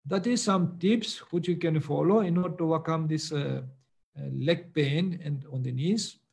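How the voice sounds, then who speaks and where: A man teaching meditation and answering students' questions, speaking patiently with many pauses and fillers. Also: on the high side, creaky, darkish tone, breathy edge.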